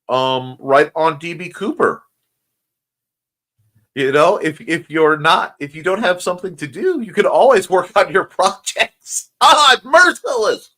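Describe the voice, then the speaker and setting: A man with a slightly scratchy voice and a speech impediment, hosting a casual morning stream, chatting playfully and reading out viewer comments. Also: on the high side. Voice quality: self-described speech impediment. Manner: rambling, playful, warm toward viewers. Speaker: host.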